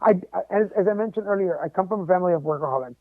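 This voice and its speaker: A man telling a personal story as a podcast guest, animated and joking along the way. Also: high-pitched, racing, no room sound. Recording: tinny phone-like line, dry.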